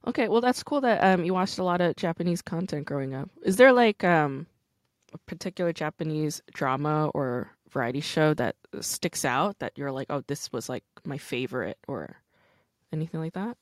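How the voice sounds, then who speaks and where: Low-voiced candid woman host. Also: normal speed, dry recording, clean studio sound. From United States. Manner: candid, animated storytelling with frequent "like". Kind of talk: casual conversation.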